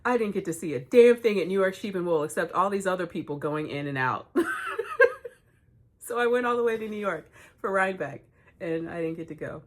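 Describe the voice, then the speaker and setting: A woman, hosting a knitting vlog, telling stories in a chatty, animated way and laughing often. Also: fairly low pitch, a little fast. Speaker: knitting podcast host. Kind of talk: casual storytelling vlog.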